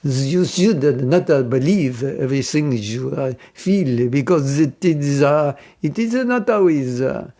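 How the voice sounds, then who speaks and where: A man's voice: medium pitch, lively intonation, slow, few pauses, dark tone. A man doing a musing French devotee. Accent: mock French.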